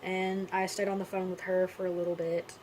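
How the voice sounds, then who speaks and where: Quiet, halting woman vlogger. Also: fairly low pitch, level tone, a little hiss or hum, low-quality recording. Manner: subdued, halting and quiet, with frequent pauses; candid, casual with blunt swearing. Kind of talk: personal storytelling to camera.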